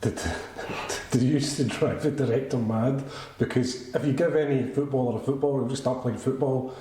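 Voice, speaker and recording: A male host who asks his questions haltingly and restarts them partway through. His voice sits at an everyday pitch and has a mellow tone. It is recorded in an echoey room. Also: fairly even intonation, a little hiss or hum. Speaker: host, interviewer. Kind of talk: podcast interview.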